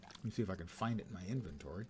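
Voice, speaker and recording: A man's voice: low-pitched, lively intonation, rapid-fire, dark tone, soft background music. An older man casually commenting on his gameplay while streaming, chatty and wry, with muttered asides to chat. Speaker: game streamer.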